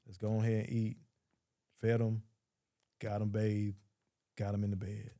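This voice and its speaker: A man with a low, gravelly voice sits down as a podcast guest and tells his story. His tone is dark and mellow, and he talks bluntly, swears freely and acts out what other people said. The sound is close and dry. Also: monotone, a little slow, no echo. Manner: blunt, profane, quotes others in dialogue. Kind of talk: casual storytelling.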